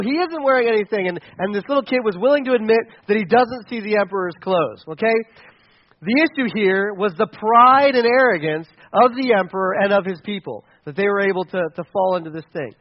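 A man's voice: sits high, fairly quick, muffled recording. A male pastor giving a conversational, playful sermon to his congregation.

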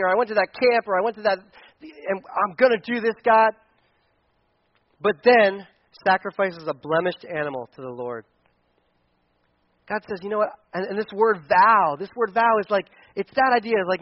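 High-voiced, animated male pastor. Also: brisk, no room sound, highs cut off. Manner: energetic, conversational preaching with acted-out quotes. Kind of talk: sermon.

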